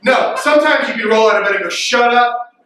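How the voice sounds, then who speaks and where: Animated youth pastor in an echoey hall. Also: male voice, sits high, racing. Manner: animated and jokey, bursts into loud mimicking. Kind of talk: youth sermon. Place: large echoey worship hall. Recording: distant mic in reverberant hall.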